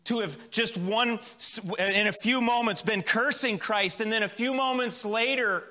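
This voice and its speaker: A man's voice: high voice, normal speed, hardly any pauses, pushed and bright. A man preaching a sermon in a church, building emphatic lists and acting out quoted voices in an anecdote. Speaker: pastor.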